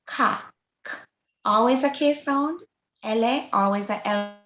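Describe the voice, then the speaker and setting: A woman's voice: on the high side, unhurried, a bit bright. A woman with a Jamaican accent teaching Spanish pronunciation at a workshop, patient and often checking in with her listeners. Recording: dull, echoey room recording.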